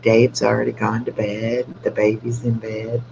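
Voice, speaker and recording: Slow, gravelly older man, kept hushed. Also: lowish voice, monotone. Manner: keeping his voice down, unhurried and chatty. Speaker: live streamer with his dog. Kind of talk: casual late-night live stream. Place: home at night. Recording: dull lo-fi with faint hum.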